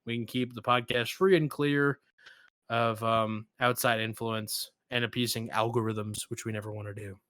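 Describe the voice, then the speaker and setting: A man hosting a casual podcast, with a bright, forward tone. He retells jokes with animated energy, acting out the lines. The sound is close and dry, with no room around it. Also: medium pitch, moderate pace, no echo. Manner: animated storyteller, acts out quotes. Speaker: podcast host.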